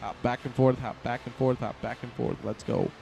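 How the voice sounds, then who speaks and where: A man giving casual, excitable play-by-play commentary on a wrestling video game, rambling and often correcting himself. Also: medium pitch, moderate pace, creaky, faint music behind.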